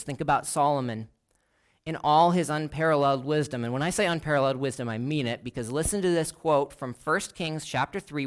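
A man preaching a sermon, earnest and deliberate, slowing down to lean on key words. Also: on the high side.

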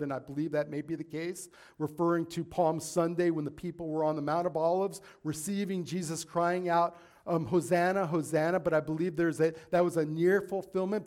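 Earnest male preacher, slightly high voice. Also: darkish tone. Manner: earnest, rising to emphatic peaks, with asides and paraphrases. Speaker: pastor. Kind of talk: sermon.

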